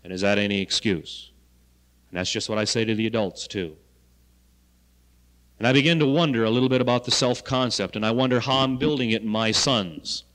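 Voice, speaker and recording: A health education coordinator lectures students in a lecture hall, asking rhetorical questions and telling folksy stories. His voice is lowish, a bit bright and a little fast, caught on a reverberant 1970 archive recording.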